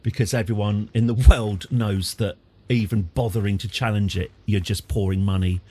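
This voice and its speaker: A man's voice: fairly low pitch, steady tone, moderate pace, a little mellow. A man in his forties with an English accent, chatting casually and wryly while streaming a game live, rambling off on tangents and answering his chat. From England.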